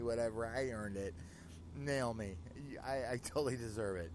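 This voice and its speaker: An excitable man hosting a radio show, rambling casually between tracks and laughing as he talks. His voice sits at an ordinary middle pitch. A faint hiss of noise runs under the recording. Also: a little fast. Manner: excitable, apologetic, laughing often.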